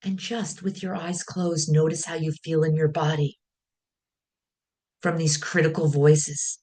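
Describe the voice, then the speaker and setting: A woman speaking as a wellness teacher, guiding listeners calmly in short, measured phrases. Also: sits low. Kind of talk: guided teaching talk.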